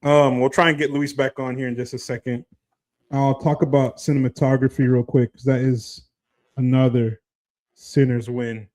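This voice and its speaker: A man's voice: mid-range voice, flat delivery, normal speed, a little mellow. A man co-hosting a casual podcast, ranting animatedly with lots of swearing and laughter. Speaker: podcast co-host. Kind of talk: casual chat.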